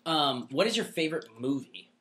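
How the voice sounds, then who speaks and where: Laid-back young man, bright voice. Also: fairly high pitch, expressive, brisk. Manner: laid-back, filler-heavy storytelling with lots of "dude" and "like". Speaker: podcast co-host. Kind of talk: casual chat.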